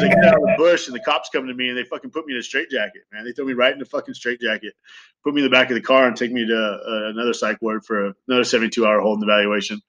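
Fast, bright-voiced man telling his story. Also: medium pitch, poor audio. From Southern California. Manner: fast, profane, animated retelling with acted quotes. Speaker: guest sharing recovery story. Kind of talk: candid conversational storytelling.

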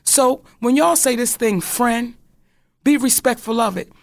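A woman's voice: on the high side, measured pace, gravelly. A middle-aged woman co-hosting a talk show, speaking candidly and emphatically, addressing people directly like a sermon. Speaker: comedian and co-host.

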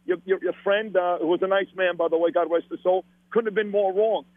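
A man's voice: sits high, steady tone, fairly quick, dry recording. A middle-aged man with a Brooklyn accent, a radio host telling blunt, profane stories in casual conversation. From Brooklyn, New York. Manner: blunt, profane, emphatic storytelling. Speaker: radio host, podcast guest. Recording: dry tinny phone-line audio.

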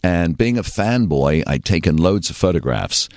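An English man, a guest in a podcast interview, telling lively anecdotes and acting out the voices of the people he quotes. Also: low voice, moderate pace, dry recording, clean studio sound. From England. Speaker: guest, radio and TV personality.

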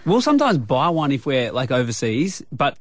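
A man, co-hosting a radio show in an upbeat manner and quick to laugh. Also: medium pitch, very animated, no room sound. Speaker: radio host. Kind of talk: casual radio banter.

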